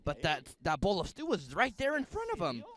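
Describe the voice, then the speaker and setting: Animated joking male preacher. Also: sits high, brisk. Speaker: pastor. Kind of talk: sermon.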